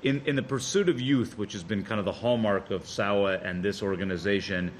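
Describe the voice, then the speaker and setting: A man on a board, speaking in a meeting in a conversational, halting way with repeated words. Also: lowish voice, slight background noise. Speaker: board member.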